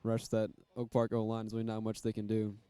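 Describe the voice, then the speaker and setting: A man calling a high school football game, casual and rambling, with many fillers. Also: monotone, fast talker, dark tone, smooth. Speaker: play-by-play commentator.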